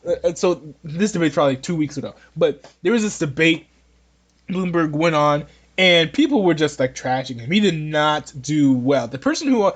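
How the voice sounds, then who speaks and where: A man hosting a podcast, giving casual political opinions in a rambling, joking way with many restarts. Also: a little high. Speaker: podcast host.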